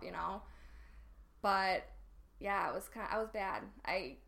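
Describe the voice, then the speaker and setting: A woman's voice: mid-range voice, steady tone, normal speed, a bit bright, a little hiss or hum. A woman speaking as a podcast guest, hesitant and full of fillers like "um" and "like". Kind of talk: casual interview chat.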